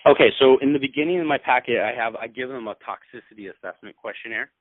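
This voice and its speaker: Man, clinic owner coaching peers, animated and demonstrative, tinny dry call line. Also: medium pitch, fast, no echo. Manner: animated, acts out what he says to patients. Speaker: clinic owner training other practitioners. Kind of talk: conversational sales coaching.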